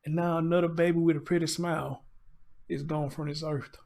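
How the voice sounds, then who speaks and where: A man's voice: fairly high pitch, little pitch movement, brisk, creaky, darkish tone. A man hosting a livestream, heartbroken and choked up, struggling to hold back tears as he talks to his viewers. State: tearful, choked up. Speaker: livestream host. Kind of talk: emotional live commentary.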